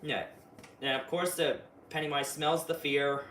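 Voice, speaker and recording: Brief: chatty male reviewer, slightly high voice, excitable, echoey room with the mic set far back. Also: unhurried, a little hiss or hum. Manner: excitable, chatty, with lots of fillers. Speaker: video reviewer. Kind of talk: casual spoiler recap. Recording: roomy, distant mic, faint ambience.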